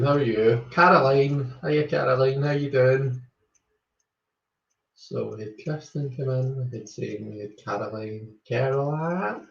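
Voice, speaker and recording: A Scottish man chats casually on a live stream, greeting viewers by name and wandering off track with plenty of ums. The sound is roomy and echoey, and slightly dull and lo-fi. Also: medium pitch. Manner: chatty, greets viewers one by one, rambles with many ums. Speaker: tarot reader hosting a live stream.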